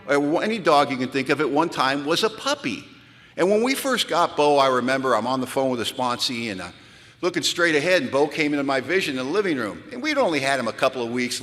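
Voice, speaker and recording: Man, humorous storytelling talk, animated, bright forceful voice, long hall echo. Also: on the high side. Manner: animated, comic, acts out the voices in his stories. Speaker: recovery speaker. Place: large event hall. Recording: live talk in a reverberant hall.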